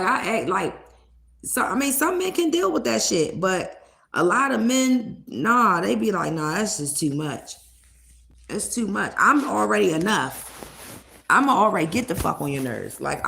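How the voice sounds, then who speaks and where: A woman's voice: on the low side, gravelly, a bit bright. A young woman chatting bluntly and profanely with viewers on a livestream, laughing between points. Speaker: live streamer. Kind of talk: casual livestream chat with viewers.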